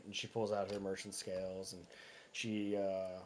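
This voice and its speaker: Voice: low-pitched, little pitch movement, moderate pace, darkish tone, slight background noise. A game master narrating a tabletop game in a rambling way, with many fillers and asides.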